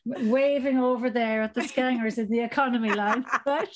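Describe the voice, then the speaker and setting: An Irish woman in her thirties, a podcast co-host telling a story in casual chat, animated and laughing as she acts out the voices. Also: on the high side, normal speed. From Ireland.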